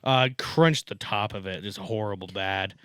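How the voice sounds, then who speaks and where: A man's voice: on the low side, unhurried, a bit bright, smooth, dry recording, studio quality. A man on a podcast, chatting casually and telling a rambling, profane work story that he keeps laughing at. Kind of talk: casual chat.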